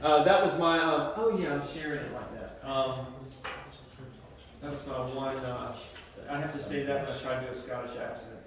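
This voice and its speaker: A man's voice: medium pitch, normal speed, noisy background. A male computer science teacher giving a casual, conversational classroom lecture with many fillers. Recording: echoey classroom from far off.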